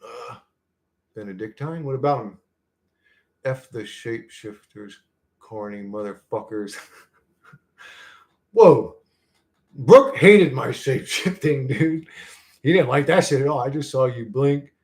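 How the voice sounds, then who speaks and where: A man's voice: mid-range voice, slow, pauses often, darkish tone. A man hosting a casual livestream, reading chat comments and ranting in a profane, heated, rambling way. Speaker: channel host reading live chat.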